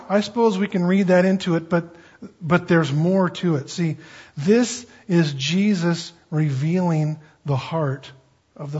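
Brief: male pastor, slow and husky, slightly high voice, folksy sermon on a dull lo-fi recording. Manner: folksy, conversational asides.

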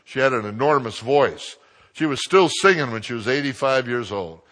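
An older man, a pastor, preaching a sermon through lively stories, with a naturally loud voice that drops to a hush and swells to a boom. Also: moderate pace. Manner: lively anecdotal preaching, swinging from hushed to booming. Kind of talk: sermon storytelling.

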